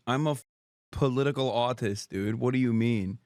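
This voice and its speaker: A man's voice: mid-range voice, normal speed, no room sound, clean studio sound. A man in his thirties giving sarcastic, profane commentary as a streamer host, laughing often. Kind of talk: casual commentary.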